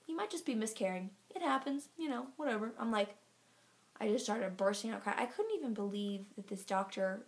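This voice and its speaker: Breathless, gravelly-voiced woman vlogger. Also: mid-range voice, a little mellow. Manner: chatty, filler-heavy storytelling. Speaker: vlogger giving a pregnancy update. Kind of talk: casual chat to camera.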